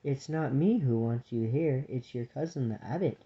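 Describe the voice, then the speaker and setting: Storybook: earnest young squirrel maid, sincere and urgent, read by a man; mellow tone, dull audio. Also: medium pitch, normal speed, close to an everyday voice. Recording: dull lo-fi recording.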